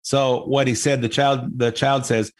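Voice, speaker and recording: A man's voice: mid-range voice, little pitch movement, a little slow. A man hosting a talk show, delivering an opinionated commentary monologue in a sarcastic, mocking tone that rambles with many restarts.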